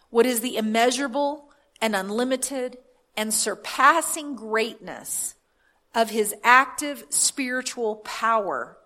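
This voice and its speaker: A woman's voice: on the high side, fairly bright tone. A woman pastor reading scripture aloud and preaching a sermon, building to fervent declarations. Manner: reads scripture aloud then preaches with rising fervor.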